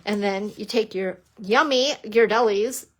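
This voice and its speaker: On a live stream, a middle-aged woman who teaches papercrafting demonstrates a project while chatting in a bubbly way, greeting viewers and ribbing herself. She speaks at normal speed in a mid-range voice.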